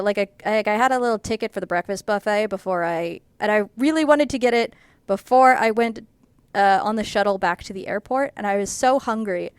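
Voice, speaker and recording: Chatty woman with a smooth voice. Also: a little high, dry recording. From United States. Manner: chatty, rambling with many fillers, laughs through the telling. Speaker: artist vlogger. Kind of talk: casual storytelling.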